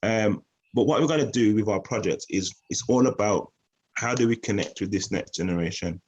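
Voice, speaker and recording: An earnest man talks through a community presentation, his voice sitting a little low. He often stumbles and repeats a word or two as he works out what to say next, then carries on. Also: fairly quick, darkish tone, husky, rough recording. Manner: earnest, repeats words while searching for phrasing. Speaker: youth project presenter.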